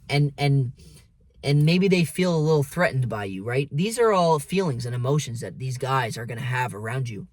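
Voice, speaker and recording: A man's voice: mid-range voice, creaky, dry recording. A man talking in a casual, blunt monologue, swearing freely and preaching to the listener as "man" and "dude". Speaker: vlogger.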